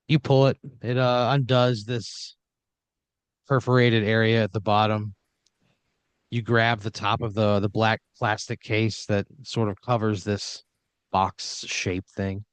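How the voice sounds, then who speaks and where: A man's voice: lowish voice, flat delivery, slow, smooth, no room sound. A man narrating an improvised horror comedy scene in a loose, rambling way, full of fillers and restarts. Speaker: storyteller running the scene.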